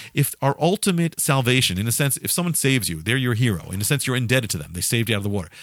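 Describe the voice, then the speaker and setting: A man preaching in an emphatic, insistent way, circling back and asking his listeners questions. His voice sits at an ordinary middle pitch. The sound is dry and close, with no room behind it. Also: no echo. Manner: emphatic, repetitive, often restarting phrases and asking the listener questions. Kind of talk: sermon.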